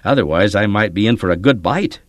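A man voicing a gentle, earnest boy who loves small creatures, in a read-aloud story. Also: lowish voice, lively intonation, brisk, dry recording, lightly acted. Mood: thoughtful.

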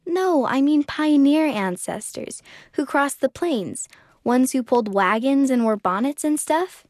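A woman voicing curious young girls in a children's story, earnest and bright. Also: sits high, animated, a little slow, no echo. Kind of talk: children's magazine story reading.

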